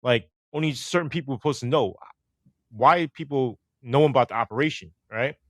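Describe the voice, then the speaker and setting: A middle-aged man, a former police officer telling stories in an interview, animated and swearing casually as he acts out the dialogue. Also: mid-range voice, fairly quick, no room sound. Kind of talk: storytelling interview.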